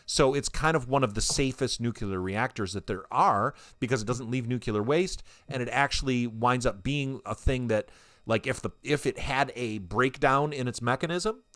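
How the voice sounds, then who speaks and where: A man's voice: medium pitch, normal speed, a bit bright, no room sound. A man co-hosting a comedy podcast, chatting casually, reading headlines aloud and laughing a lot. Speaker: podcast co-host.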